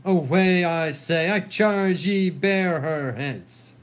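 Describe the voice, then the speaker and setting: A man reading a commanding victorious king. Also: a little high. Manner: giving orders, brisk. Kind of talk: solo dramatic reading of a play.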